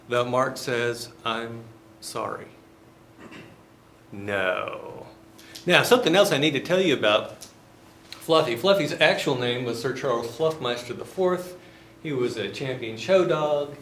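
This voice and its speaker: A man's voice: medium pitch, a bit bright, a little hiss or hum. A man, a business professor lecturing in a folksy, joking, conversational storytelling manner.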